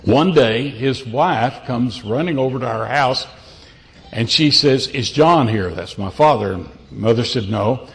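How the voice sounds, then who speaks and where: Older male preacher, folksy storyteller, mid-pitched, pulpit sermon. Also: unhurried. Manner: folksy, self-deprecating storyteller with restarts. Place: church pulpit.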